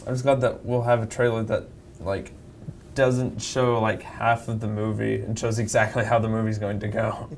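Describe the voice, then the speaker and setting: Man, podcast guest, gravelly creaky voice, hesitant, faint background noise. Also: on the low side, level tone, normal speed, a little mellow. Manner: hesitant, filler-heavy. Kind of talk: casual movie chat.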